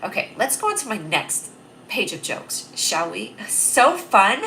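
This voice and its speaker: A young woman hosts a casual comedy livestream, talking straight into a close webcam. Her voice is bright and forceful, and she rambles cheerfully, laughing at her own jokes. A faint hiss sits under the recording. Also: lowish voice, sing-song, moderate pace, gravelly. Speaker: livestream host.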